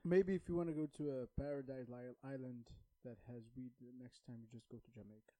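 A man's voice: mid-range voice, fairly even intonation, brisk, warm tone, dry recording, poor audio. A man dropping dry, joking remarks in a casual podcast conversation. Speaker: podcast guest.

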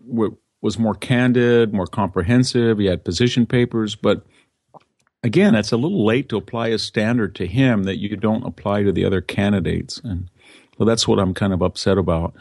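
Low-voiced man giving political commentary. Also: moderate pace, darkish tone, no room sound, clean studio sound. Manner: conversational, with restarts and quoted asides. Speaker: interview guest, commentator.

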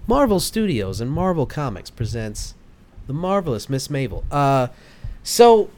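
A man's voice: medium pitch, sing-song, a little slow, darkish tone. A young man hosting a casual podcast chat, rambling with hesitant restarts and frequent laughs. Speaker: podcast host.

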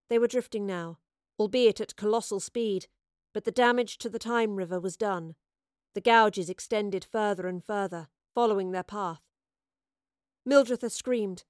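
A woman narrating an audiobook in a measured, expressive reading. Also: medium pitch, no room sound, studio quality. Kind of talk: scripted story narration.

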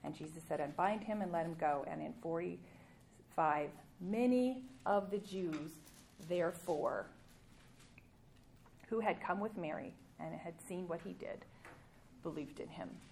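A woman giving a sermon, reading scripture aloud with emphatic rises and pauses, ending in prayer. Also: fairly low pitch, creaky, darkish tone, a little hiss or hum. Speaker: preacher.

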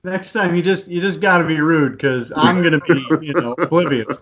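A man who is a podcast guest, chatting casually and telling animated stories, acting out the voices of other people. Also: on the high side, moderate pace, crowd noise. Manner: animated storyteller, acts out voices in anecdotes. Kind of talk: casual chat, storytelling.

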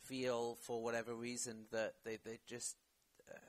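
A man's voice: mid-range voice, completely flat delivery, moderate pace, rough recording. A man, an actor and podcast guest, talking in a casual interview in a reflective way, often searching for his words.

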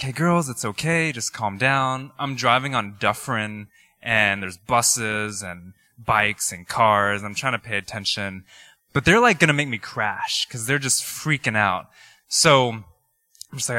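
Bright-voiced man preaching casually. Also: medium pitch, dry recording, studio quality. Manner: conversational, animated storytelling with laughs and filler words. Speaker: pastor. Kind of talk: sermon with personal stories.

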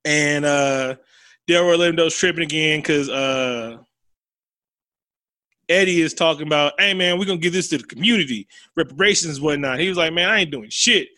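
A man's voice: on the high side, moderate pace, no room sound. A man in casual chat, animatedly retelling a film scene, acting out the characters' lines and laughing often. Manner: animated storyteller, acts out quotes, swears, laughs often.

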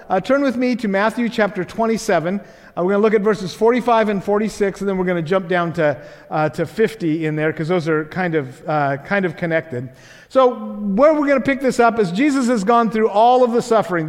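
Male pastor, conversational sermon, halting repeats, long hall reverb. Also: sits high. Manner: earnest, conversational preaching with frequent fillers and repeats.

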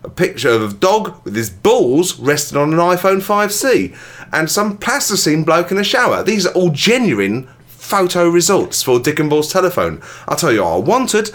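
A man's voice: fairly high pitch, fairly bright tone. A man co-hosting a comedy podcast, ranting in a mock-angry, sweary way. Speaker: podcast co-host.

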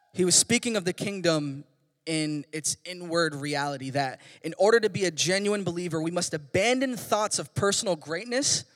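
Young guy kids pastor, high voice, goofy slangy sermon, big echoey hall. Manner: animated, joking, slangy storytelling. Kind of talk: casual sermon. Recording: long hall reverb.

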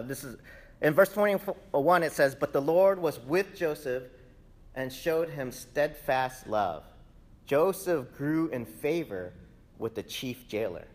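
A man giving a casual sermon, retelling a scripture story with lively, acted-out dialogue. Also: mid-range voice. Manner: animated storytelling, acts out quoted characters.

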